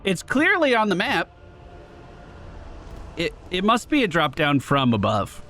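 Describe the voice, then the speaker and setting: A man casually commenting on his game run, chatty and excitable, thinking out loud and swearing now and then. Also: high voice, a little slow, soft background music. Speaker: let's play streamer.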